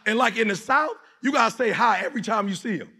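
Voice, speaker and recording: A man's voice: high-pitched, lively intonation, fast talker, vocal fry, bright, forceful tone, breathy edge. A man from Detroit giving a motivational speech to a live audience, preaching in emphatic, repetitive bursts and leading call-and-response. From Detroit, USA. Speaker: motivational speaker. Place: live conference hall with audience.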